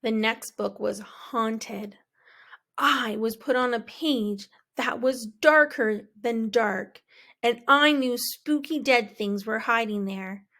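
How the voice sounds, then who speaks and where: A woman reading a children's picture book aloud in a slow, expressive, dramatic way. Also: on the high side. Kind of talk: storybook read-aloud.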